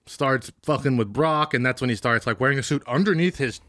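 A man casually discussing a movie, animated, laughing often and acting out lines. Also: medium pitch, fairly quick, no echo, clean studio sound.

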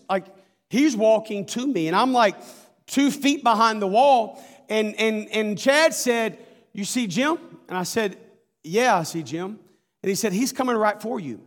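A man preaching a sermon, telling a story with animated, folksy asides to the congregation. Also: sits high, in a large hall. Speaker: pastor.

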